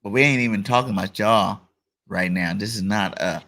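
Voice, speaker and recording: A man's voice: on the low side, normal speed, fairly bright tone. A man hosting a casual football talk stream, hyped and playful, reading chat comments and debating a rival fan. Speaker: show host. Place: online live stream.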